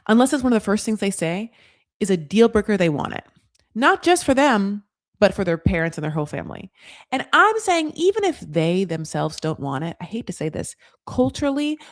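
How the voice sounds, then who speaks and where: A woman from the United States tears through a reality show recap in loose, casual talk. She is blunt, sarcastic and swears freely, piling up fillers and quick asides as she rants. Her voice sits at a middle pitch. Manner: blunt, profane, sarcastic ranting.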